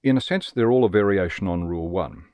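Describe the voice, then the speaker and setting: A man narrating a scripted webinar lesson in a measured, explanatory way, reading out examples. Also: low voice, a little mellow, clear, resonant tone, no echo. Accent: Australian. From Australia. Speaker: teacher giving a webinar.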